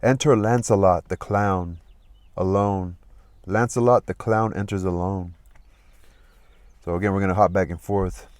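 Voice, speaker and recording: A man's voice: sits low, fairly even intonation, a little slow, pauses often, a little mellow, no room sound. A man casually reading a play aloud and explaining it in a loose, chatty way.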